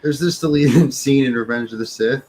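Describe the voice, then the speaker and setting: A jokey man chatting on a livestream and telling stories with animated energy. His voice sits at a middle pitch, with a faint hiss behind it. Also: normal speed, rough recording. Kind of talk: casual livestream chat.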